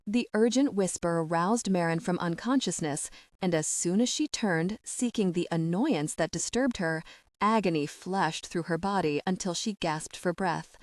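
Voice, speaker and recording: A woman with a low, even voice reads a historical romance aloud in measured, dramatic storytelling. The close studio sound is dry, with no room around it. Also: dry recording. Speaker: audiobook narrator. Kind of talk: scripted narration.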